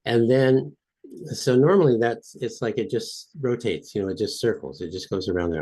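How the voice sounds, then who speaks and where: A man's voice: mid-range voice, moderate pace, warm tone, husky. A man guest on a podcast interview, explaining and demonstrating a technique with repeated phrases. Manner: repetitive, demonstrative, chanting phrases with rising intensity. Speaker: guest expert.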